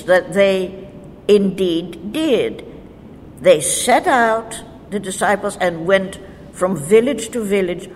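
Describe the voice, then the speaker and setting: Slow woman teaching scripture, long reverb. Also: medium pitch. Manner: measured, deliberate reading of verses. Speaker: Bible teacher. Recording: faint noise with long reverb.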